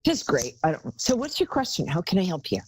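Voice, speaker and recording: A woman's voice: fairly low pitch, wildly swooping pitch, quick pace, husky, no room sound, poor audio. A woman hosting a live call-in psychic show, talking in a chatty, rambling way and calling callers darling.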